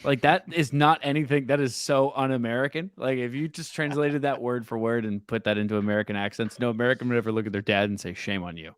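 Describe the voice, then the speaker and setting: A young man co-hosting a casual sports podcast, telling stories in a relaxed way. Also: mid-range voice, quick pace, hardly any pauses, clean tone, no echo, clean studio sound. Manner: relaxed storyteller. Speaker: podcast co-host.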